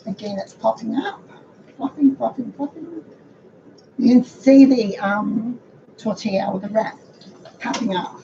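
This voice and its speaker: A middle-aged woman with a croaky voice, chatting to viewers while she cooks in her home kitchen. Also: on the high side, a little slow, pauses often. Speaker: cooking show host. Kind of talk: casual cooking demonstration. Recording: dull lo-fi audio with background noise.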